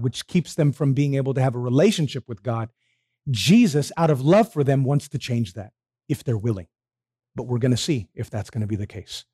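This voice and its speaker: An animated man preaches a sermon, posing questions to his congregation and answering them himself. His voice is medium-pitched with a breathy edge.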